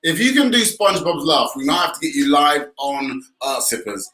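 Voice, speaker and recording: A man's voice: a little high, sing-song, moderate pace, pushed and bright. A man co-hosting an online art class, playfully running a quiz and cheering on viewers. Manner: playful, enthusiastic, addresses viewers. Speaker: co-host, quiz presenter. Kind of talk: upbeat online class banter. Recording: roomy echo.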